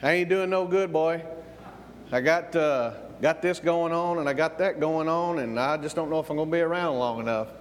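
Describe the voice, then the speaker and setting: A man's voice: a little high, moderate pace, in a large hall, slight background noise, pitched below the performer's own voice, close to an everyday voice. A man voicing his grumbling old grandfather, who drawls about his troubles in a self-pitying way. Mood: complaining. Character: grumbling old Southern grandfather, gloomy complainer.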